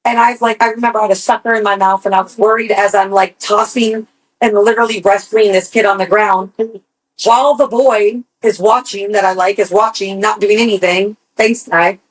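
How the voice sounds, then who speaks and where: A woman co-hosting a podcast, telling a personal story in casual chat, animated and swearing freely. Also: medium pitch, normal speed, poor audio. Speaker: podcast co-host.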